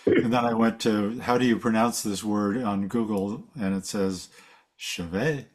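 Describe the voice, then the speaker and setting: A man's voice: on the low side, level tone, moderate pace. A man giving a casual slide talk at a seminar, rambling and correcting himself as he goes. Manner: rambling, self-correcting, chuckles. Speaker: seminar presenter.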